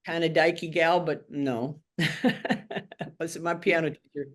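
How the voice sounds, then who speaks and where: Her voice is low and steady, and she takes her time. This older woman from Tennessee shares her life frankly and wryly in an oral history interview, performing the voices of those she quotes in candid personal storytelling.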